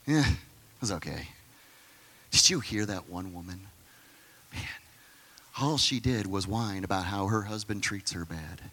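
A man's voice: low voice, measured pace, pauses often, sharp tone, voice pushed down, heavily acted. A man doing a weary, grumbling man.

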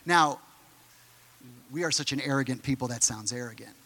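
A pastor preaching a sermon emphatically, moving from excited bursts to hushed, quiet lines. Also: male voice, medium pitch, normal speed, big-room sound.

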